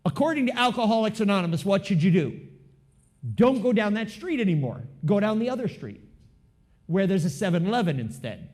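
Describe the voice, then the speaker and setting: A man preaching a sermon in a church, talking with the congregation, asking them questions and moving between loud emphasis and hushed asides. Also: high voice, sing-song, a little fast. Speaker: pastor.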